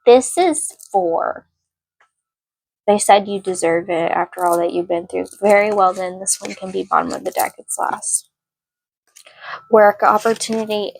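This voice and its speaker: A woman's voice: mid-range voice, rough recording. A young woman giving a casual, rambling tarot reading with lots of fillers. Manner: rambling, chatty, many fillers; yells at barking dogs mid-reading. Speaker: tarot card reader.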